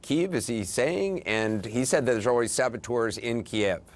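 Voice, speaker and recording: A male news anchor conducting a live interview, brisk and probing. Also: mid-range voice.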